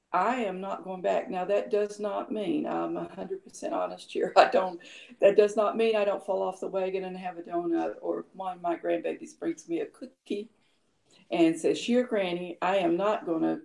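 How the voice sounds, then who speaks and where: A woman's voice: lowish voice, fairly even intonation, normal speed, creaky, mellow, reverberant. A woman in her fifties casually telling her own story, chatty, with lots of fillers and acted-out quotes. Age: 50s. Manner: chatty, many fillers, laughs often, acts out quoted lines. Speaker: guest sharing her health story.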